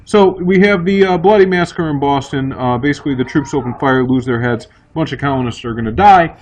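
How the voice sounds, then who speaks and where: A man teaching history in a casual, chatty way, often voicing quick asides for the people he talks about. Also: mid-range voice, a little hiss or hum, low-quality recording. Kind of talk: recorded classroom lecture.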